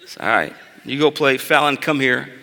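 This thirties-aged pastor has a gravelly, sharp, medium-pitched voice and keeps a moderate pace. His sermon blends scripture with humorous anecdotes about his children, told conversationally. The sanctuary gives the recording a long hall reverb.

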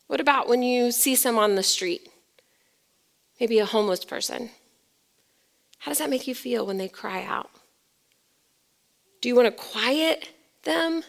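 A woman pastor preaching a dramatic sermon. She swings from loud emphasis to near whispers and puts rhetorical questions to the congregation. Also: a little high, measured pace, gravelly, long pauses.

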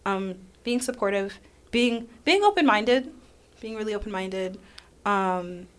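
Woman, guest in a casual talk; expressive, self-deprecating, mid-range voice. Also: medium pitch, a little slow. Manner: animated, self-deprecating, acts out quoted voices. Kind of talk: casual conversation.

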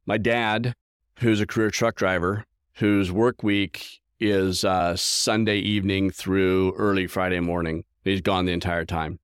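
Earnest, low-voiced male podcast host. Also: clear, resonant tone, no room sound, clean studio sound. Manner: earnest, enthusiastic. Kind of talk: casual storytelling monologue.

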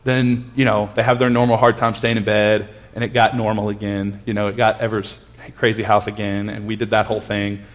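This thirtysomething pastor's fairly low voice is flat and brisk as he earnestly tells a personal story within a conversational sermon, restarting often and going hushed at tender points.

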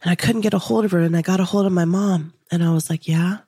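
A woman podcast host telling an emotional personal story in an earnest, intimate way, dropping into soft whispers now and then. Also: fairly low pitch, steady tone, quick pace, slightly rough, no echo, clean studio sound. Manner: earnest, intimate, slips into soft whispers when quoting herself. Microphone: podcast microphone.

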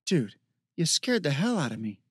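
A man's voice: a little high, big pitch swings, normal speed, breathy edge, dry recording, studio quality. A man reading an audiobook voices an easygoing young man who talks in casual, slangy banter with his friend. He lifts his voice somewhat for this role.

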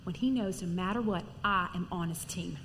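A middle-aged woman preaching a sermon in a church, earnest and conversational, sometimes dropping to a soft near-whisper. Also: on the low side, normal speed. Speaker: pastor's wife preaching. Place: large church hall. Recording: long hall reverb, faint noise.

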